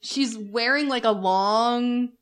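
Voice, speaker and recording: A woman co-hosting a relaxed review chat, her voice sitting a little high. She gushes easily and laughs often. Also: clear, resonant tone. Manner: gushing and excitable, quick to laugh. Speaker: podcast co-host. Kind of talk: casual chat reviewing performances.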